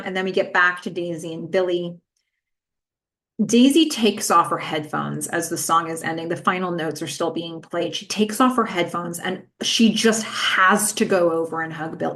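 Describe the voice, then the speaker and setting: A woman's voice: on the low side, fairly bright tone. A woman hosting a podcast, giving a casual, chatty recap of a TV episode with frequent "like" and "um". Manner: chatty, fillers like "um" and "like". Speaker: podcast host.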